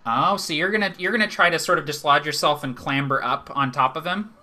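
A man's voice: on the high side, brisk, sharp tone. A man narrating a live tabletop game as game master, chatty and laughing often, with lots of fillers.

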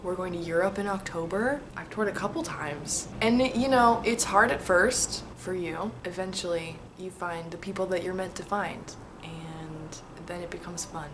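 A woman's voice: fairly low pitch, moderate pace, hardly any pauses, noisy background. Chatty young woman reading her old letter. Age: 20s. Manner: chatty, excitable, reflective, frequent laughs. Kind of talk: casual vlog, reading aloud and answering.

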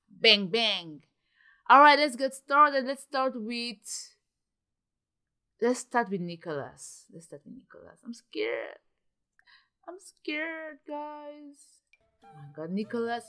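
A young woman giving casual, excitable commentary while playing a video game, gasping and exclaiming often. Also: fairly high pitch. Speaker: gaming channel host.

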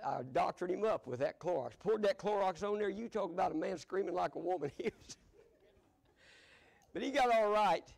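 A man's voice: sits high, gravelly. An older man, a pastor telling folksy stories from the pulpit, chuckling as he goes. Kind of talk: storytelling sermon. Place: church sanctuary.

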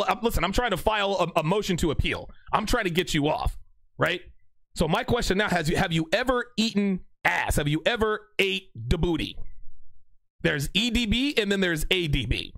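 A young man hosts a casual livestream, reading viewers' chat aloud and joking in mock courtroom style. His voice sits high and swings widely in pitch, with a gravelly rasp. The sound is dry and close, with no room around it. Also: moderate pace, dry recording. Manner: animated, laughing, mock courtroom banter.

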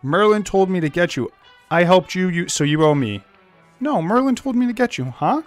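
Chatty gamer man, lively voice. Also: sits high, normal speed, faint music behind. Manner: chatty, talks to game characters as buddy. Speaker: let's play host. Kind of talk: casual gameplay commentary.

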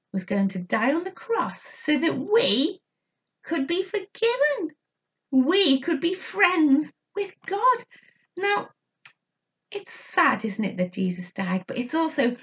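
A woman with a high, very lively voice tells a story to small children, unhurried and sing-song. Her tone is bright, and the recording sounds a little dull and lo-fi. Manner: animated, sing-song, inviting children to join in. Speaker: children's church leader.

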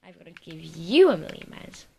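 A person giving rambling, giggly let's play commentary while playing at a home computer. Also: female voice, deep voice, sing-song, moderate pace, gravelly, darkish tone. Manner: rambling, giggly, silly chatter. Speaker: gaming video creator. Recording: noisy recording with keyboard clicks.

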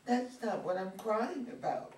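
A woman's voice: on the high side, expressive, measured pace, a little mellow. A woman playing an upset teenage girl in a community play reading, pleading and defensive, recorded from a distance in a roomy space. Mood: sad. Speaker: actor in a community reader's theater. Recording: roomy, distant mic with faint noise.

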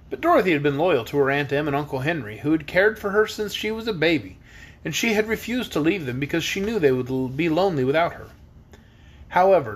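A man reads a storybook aloud in a breathy voice. His pitch moves with lively rises and falls, and he trips now and then on small slips and restarts. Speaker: storybook reader.

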